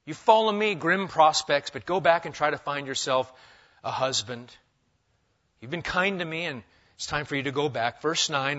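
Bright-voiced male preacher, lo-fi sound. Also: a little high, normal speed. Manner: conversational, joking asides. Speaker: pastor. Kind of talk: expository sermon.

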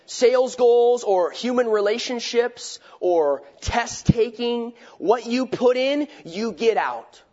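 Male preacher, high register, conversational sermon, dull lo-fi audio. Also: lively intonation, slow, hardly any pauses, dark tone. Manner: conversational, asks rhetorical questions, restarts phrases. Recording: dull lo-fi recording.

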